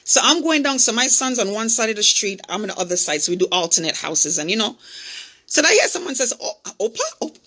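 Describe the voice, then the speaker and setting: A woman hosting a podcast, telling a personal story in an animated way and speaking straight to her listeners. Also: a little high. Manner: animated, acts out the voices in her stories. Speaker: podcast host. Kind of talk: personal storytelling, coaching talk.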